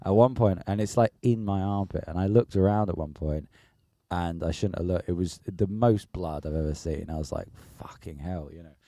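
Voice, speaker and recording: Low, warm-toned man telling stories. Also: normal speed, no room sound, studio quality. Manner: animated, swearing, laughing storyteller. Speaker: podcast co-host. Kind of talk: casual storytelling chat.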